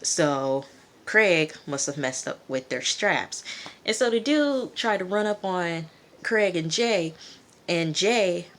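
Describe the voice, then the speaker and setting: A woman's voice: fairly low pitch, animated, slow pace. A woman casually recapping a TV episode, chatty and rambling, with lots of asides. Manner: rambling, chatty, full of asides and "you know". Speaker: TV reviewer.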